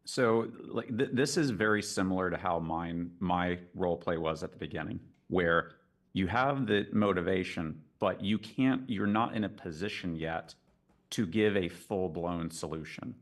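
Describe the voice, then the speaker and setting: A man explaining his view of a sales role play in a casual, measured way over a video call. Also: low voice. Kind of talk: casual discussion.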